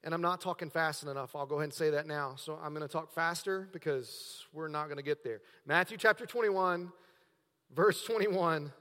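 A man preaching a sermon as pastor, swinging between hushed, drawn-out words and emphatic, raised passages. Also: fairly high pitch, long reverb tail.

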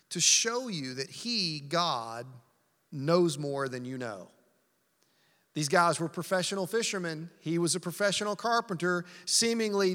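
A man's voice: fairly high pitch, fairly bright tone. A man preaching a sermon as pastor, emphatic and repetitive, asking rhetorical questions. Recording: long hall reverb.

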